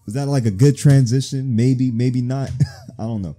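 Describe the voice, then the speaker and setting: A man's voice: medium pitch, normal speed, dark tone. A man giving joking, slangy, profane let's-play commentary as a gaming channel host. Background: faint game music.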